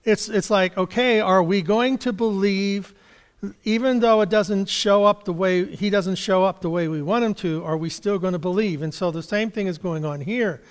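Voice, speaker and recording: A man preaching a conversational sermon, reading scripture and explaining it in a halting, chuckling way. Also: high-pitched, clean tone, in a large hall. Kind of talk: sermon Bible study.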